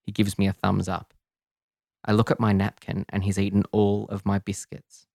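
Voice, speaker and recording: A man narrating a first-person audio serial in a quiet, confessional, measured way. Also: lowish voice, monotone, vocal fry, no room sound, clean studio sound. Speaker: narrator and writer.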